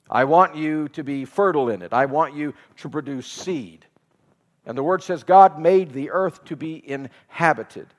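A man's voice: on the high side, long reverb tail. A man preaching a sermon. He repeats phrases for emphasis and puts questions to the congregation. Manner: laughs while telling a home story. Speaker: pastor.

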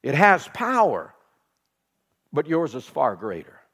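A male pastor preaches a sermon with a slightly raised pitch. He repeats his phrases and asks the congregation questions. His voice rings out with a long reverb, as in a church hall. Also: wildly swooping pitch, takes it slowly, a bit bright, slightly rough. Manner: laughs while telling a home story.

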